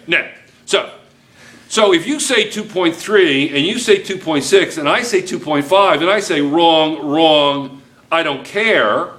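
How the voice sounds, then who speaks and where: A man's voice: fairly high pitch, sharp tone. A male chemistry teacher, giving a joking classroom lecture and constantly checking in with students.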